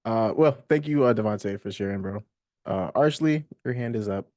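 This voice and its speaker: A man's voice: lowish voice, normal speed, mellow, no room sound, clean studio sound. A man leading a church group discussion, thanking speakers and calling on the next. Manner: calls on speakers, thanks them. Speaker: discussion leader.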